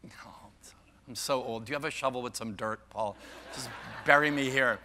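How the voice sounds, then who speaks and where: Older guy doing a keynote, really bright voice, jokey with the crowd, big hall echo. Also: mid-range voice, normal speed, a little hiss or hum. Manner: playful, teasing the audience, self-mocking about age. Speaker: keynote speaker. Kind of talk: interactive keynote talk. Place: large conference hall. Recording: long hall reverb.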